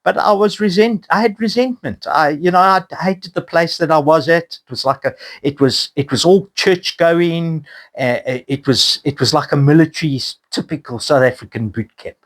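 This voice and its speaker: A man's voice: fairly high pitch, moderate pace, fairly bright tone. A middle-aged man from Wales co-hosting a recovery podcast, talking candidly, swearing freely and poking fun at himself. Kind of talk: casual chat.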